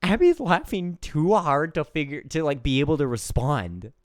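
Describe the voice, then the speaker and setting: Animated man telling a funny story. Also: a little high, normal speed, no room sound, clean studio sound. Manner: animated, playful. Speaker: podcast co-host. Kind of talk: casual storytelling.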